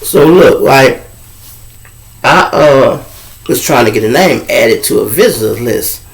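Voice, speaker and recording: Lively, gravelly-voiced man telling a story. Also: medium pitch, measured pace. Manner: animated, acts out voices in dialogue, heavy profanity. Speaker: show host telling a jail story. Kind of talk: casual storytelling to viewers. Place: at home with a lamp nearby.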